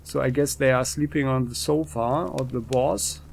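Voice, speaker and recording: A man's voice: mid-range voice, fairly even intonation, normal speed, gravelly, slight background noise. A man hosting a let's play, thinking aloud with fillers as he comments on a game.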